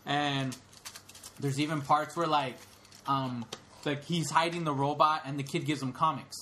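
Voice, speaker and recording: Retelling a film on a podcast he co-hosts, this young man rambles casually, full of fillers and false starts. His fairly high, bright voice is forceful yet fairly even in intonation and a little slow, and there's slight background noise.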